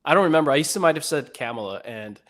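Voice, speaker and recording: A man's voice: a little high, lively intonation, racing, fairly bright tone. Regular guy co-hosting a podcast, chill but keeps asking what you meant. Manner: probing questions, conversational. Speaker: podcast co-host. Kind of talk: casual chat.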